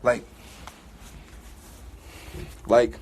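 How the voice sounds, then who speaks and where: A man's voice: extremely slow, a little hiss or hum. A man in a casual rant monologue, talking emphatically and repeating rhetorical questions over and over. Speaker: vlogger.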